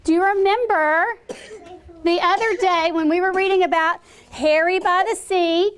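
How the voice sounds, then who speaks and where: A woman's voice: extremely high pitch, steady tone, moderate pace. A woman teacher in a classroom, teaching vocabulary to young children, asking questions and encouraging them to act out words.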